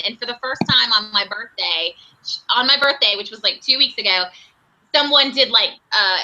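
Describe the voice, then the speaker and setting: High, bright, bubbly woman host. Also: poor audio. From North Carolina. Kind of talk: casual podcast chat.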